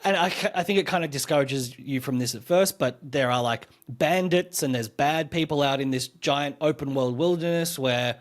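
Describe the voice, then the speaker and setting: A man co-hosting a podcast rambles enthusiastically through a review of a game, packing his explanations with filler words. His medium-pitched voice moves at a normal speed with hardly any pauses in this casual chat.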